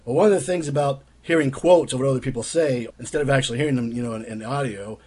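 A man's voice: mid-range voice, quick pace, a little mellow, breathy edge. A man giving argumentative commentary in an emphatic tone, quoting another speaker and answering with rhetorical questions. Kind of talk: critical commentary on quotes read aloud.

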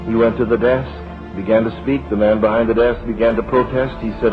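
A man preaching a sermon, telling a story dramatically and dropping to a hush at key moments. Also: mid-range voice, level tone. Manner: dramatic, slows and drops to a hush. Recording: dull lo-fi recording with music.

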